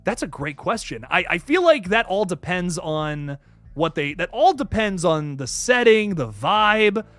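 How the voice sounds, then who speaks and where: Excitable young man with a lively voice. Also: high voice, unhurried, no echo. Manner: excitable and animated, swearing casually. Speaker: YouTube channel host. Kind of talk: casual live stream chat, reading viewer comments.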